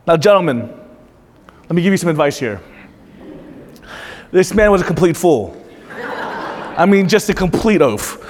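A man with a high-pitched voice preaches a sermon, earnest and direct, often turning questions on his listeners. His voice rings through a church with long hall reverb. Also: sing-song, moderate pace, long pauses, a little mellow, a little hiss or hum. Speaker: pastor.

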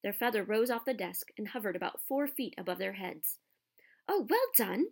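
Woman audiobook narrator, mid-pitched, expressive storyteller. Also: brisk, vocal fry.

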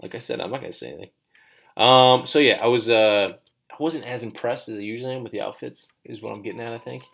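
A man's voice: medium pitch, fast, creaky, fairly bright tone. A man co-hosting a podcast in a studio, chatting casually in a rambling, joking way. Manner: rambling, laid-back, joking. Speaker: podcast co-host. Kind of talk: casual chat.

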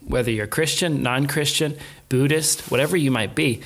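An adult man tells a story in an easy conversational way. He animates the retelling with quoted voices and short laughs. His voice sits at an ordinary middle pitch. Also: moderate pace, fairly bright tone. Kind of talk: casual storytelling chat.

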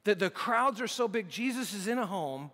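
A man's voice: high-pitched, lively intonation, moderate pace, sharp tone, big-room sound. A man preaching a sermon in a conversational way, often restarting his sentences. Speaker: pastor.

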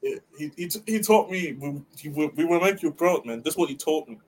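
A man's voice: on the high side, expressive, fairly quick, darkish tone, rough recording. Stammering male panelist, faint noise behind. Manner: hesitant, stammering. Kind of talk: casual chat.

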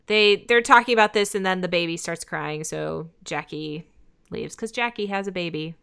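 A woman's voice: on the low side, normal speed, gravelly, fairly bright tone, smooth. A woman co-hosting a podcast, chatting casually as she retells an episode scene by scene and giggling often. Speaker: podcast co-host. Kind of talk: casual episode recap chat.

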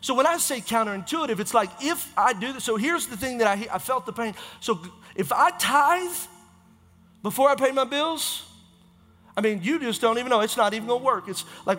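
A man delivers an impassioned sermon, repeating phrases and correcting himself quickly as he drives a point home. His voice sits high and bright. The sound comes from a reverberant church hall with faint music underneath. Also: animated. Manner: impassioned, repetitive preaching with quick self-corrections. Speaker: pastor.

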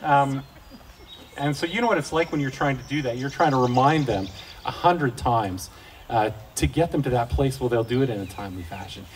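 A man's voice: medium pitch, brisk. A middle-aged man giving a casual devotional talk to fathers, telling folksy, joking stories about family life. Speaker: Christian speaker for fathers. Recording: distant mic, faint outdoor noise.

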